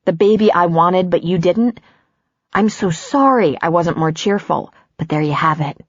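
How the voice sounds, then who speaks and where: Woman narrator voicing a wounded woman doctor, pleading and bitter, husky and lower-pitched. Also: moderate pace, dry recording, highs cut off, lightly acted. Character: hurt angry woman doctor ending a relationship.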